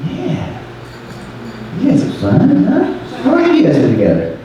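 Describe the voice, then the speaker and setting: Brash, lively male stand-up comic. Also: high-pitched, moderate pace, dull audio. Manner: brash, self-mocking, swears freely. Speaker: stand-up comedian. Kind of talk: stand-up crowd work. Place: small comedy club stage. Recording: echoey club from a distance, audience noise. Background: audience laughter.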